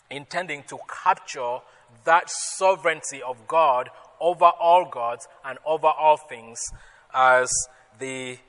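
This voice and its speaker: A male pastor delivers a sermon in an unhurried, deliberate way, his voice bright and forceful. He climbs louder and higher whenever he quotes scripture. His words ring out with a long reverb, as if in a large church hall. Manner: emphatic, rises loudly on quoted scripture, chuckles with the congregation.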